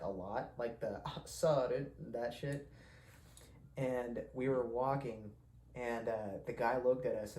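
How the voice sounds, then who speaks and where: Young man, podcast host, swearing storyteller, mellow tone, roomy echo. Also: mid-range voice. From Mexican heritage. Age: young adult. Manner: profane, rambling, laughs often. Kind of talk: casual storytelling. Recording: echoey room with faint ambience.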